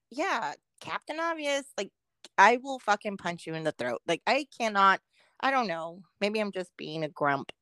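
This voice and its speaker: A woman's voice: medium pitch, sing-song, moderate pace, a bit bright, no room sound. A woman co-hosting a podcast in casual chat, venting grumpily about work with frequent swearing and laughter. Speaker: podcast co-host.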